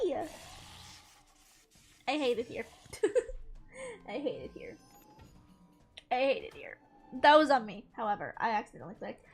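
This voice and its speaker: A young woman chatting casually while playing a game, rambling and often breaking into loud squeals and laughter. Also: sits high. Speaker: gaming streamer. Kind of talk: casual gameplay commentary. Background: game music.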